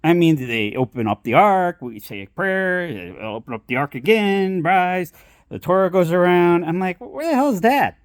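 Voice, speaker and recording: A man's voice: sits high, normal speed, clear, resonant tone, no room sound, studio quality. A man telling a rambling family story in a casual way, laughing often as he talks. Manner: lively and animated.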